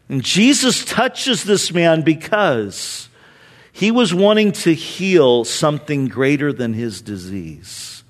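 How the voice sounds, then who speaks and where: A middle-aged man preaching a sermon in a high, animated voice that leaps around in pitch. He takes his time, lingering over his words. He swings between loud emphatic lines and hushed near-whispers. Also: slow pace.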